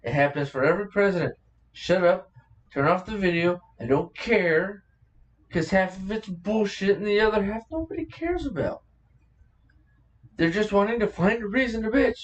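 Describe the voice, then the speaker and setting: A man co-hosting a podcast in casual chat, blunt and profane and quick to laugh. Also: sits high, recorded from a distance. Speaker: podcast co-host.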